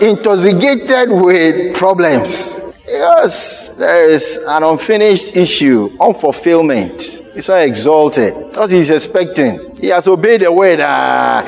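A man preaching a sermon, shifting between rapid asides, sudden shouts and slow, drawn-out emphasis on key words. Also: fairly high pitch, vocal fry.

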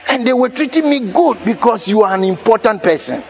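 A man preaching a sermon in a church, telling a personal story with laughter and sudden shouts. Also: very high-pitched, brisk, slight background noise. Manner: animated, laughing, bursts of shouting. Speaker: pastor.

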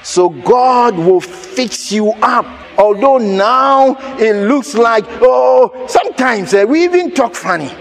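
A man preaching a sermon in a church, telling a personal story with laughter and sudden shouts. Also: extremely high pitch, slow pace, few pauses, slight background noise. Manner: animated, laughing, bursts of shouting. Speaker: pastor.

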